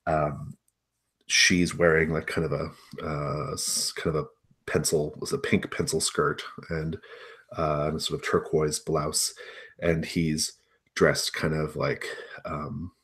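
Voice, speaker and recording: A man's voice: a bass voice, level tone, slow, fairly bright tone, husky. A man narrating as game master of a tabletop role-playing game, talking with many hesitant fillers.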